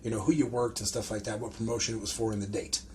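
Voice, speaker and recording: A man hosting a podcast, swapping wrestling stories in a casual, profane, animated way and acting out what people said. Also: on the low side, fast, over a noisy crowd. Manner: profane, animated storyteller who acts out quotes. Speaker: podcast host and pro wrestler. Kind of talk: casual storytelling chat.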